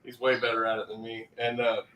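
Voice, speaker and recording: A man's voice: medium pitch, monotone, quick pace, bright, forceful tone. An older man hosting a livestream, chatting casually and telling rambling stories. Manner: easygoing, rambling storyteller. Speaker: livestream host. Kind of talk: casual chat. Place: workshop. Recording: roomy echo, distant from mic, faint noise.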